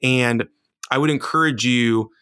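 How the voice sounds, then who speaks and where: Bright-voiced earnest man. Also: medium pitch, unhurried, smooth. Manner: earnest, rambling with many fillers. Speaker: podcast co-host, father. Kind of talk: casual advice chat.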